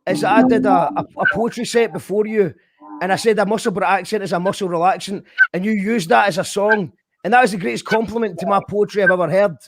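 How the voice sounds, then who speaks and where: Man, high voice, excitable, live stream host on a video call. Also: fast, noisy background. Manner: excitable, swearing, shouting when thrilled. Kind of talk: casual live stream chat.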